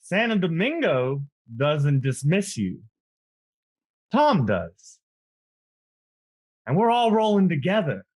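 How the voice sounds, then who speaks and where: A man's voice: on the high side, big pitch swings, takes it slowly, long pauses, darkish tone, full character voice. A man voicing a brash male vampire in a tabletop game who takes charge with showy commands. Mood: commanding.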